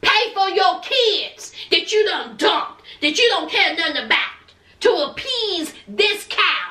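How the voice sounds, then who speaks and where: Brief: sassy woman recapper, high bright voice, lively swings in pitch. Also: slow, reverberant, far from the mic. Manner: sassy, dramatic, scolding with slang. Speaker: TV recap vlogger. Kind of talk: reality TV recap commentary.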